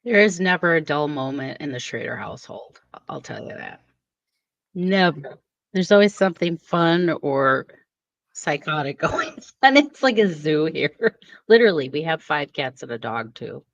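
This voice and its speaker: A woman's voice: low voice, big pitch swings, moderate pace, gravelly, dry recording. Chatty Minnesotan woman guesting on a call-in show; dull, faraway line. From Minnesota, USA. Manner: chatty, laughs often. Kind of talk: casual chat on a remote call. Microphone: remote call mic. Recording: dull distant call audio.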